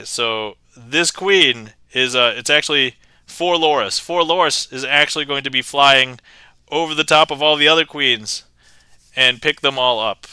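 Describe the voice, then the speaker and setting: A man streams from a home setup with a very bright, crisp voice, joking loosely as he narrates card tricks. He laughs often and reads viewer comments aloud. The sound is dry and close, with no room echo. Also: medium pitch, normal speed. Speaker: magic livestreamer. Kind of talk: casual live-stream chat while performing card tricks.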